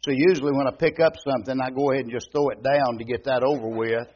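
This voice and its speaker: A man's voice: medium pitch, fairly even intonation, muffled recording, slight background noise. An older man with an East Texas Southern accent, preaching a folksy, joking sermon as a visiting preacher. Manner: homey, joking, unhurried drawl. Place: church sanctuary.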